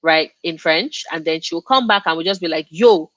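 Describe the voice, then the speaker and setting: A young woman whose first language is Yoruba, hosting a casual live stream and reacting to chat with quick laughs. Her voice is dry and close on the mic, with no room sound. She talks in loose, chatty bursts. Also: deep voice, sharp tone, no room sound, highs cut off. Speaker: book streamer hosting a reading check-in.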